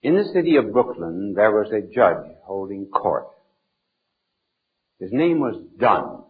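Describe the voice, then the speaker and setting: An archbishop telling humorous anecdotes in a deliberate, playful storytelling manner. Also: male voice, fairly low pitch, very animated, slightly rough. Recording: narrow phone-like old archival recording.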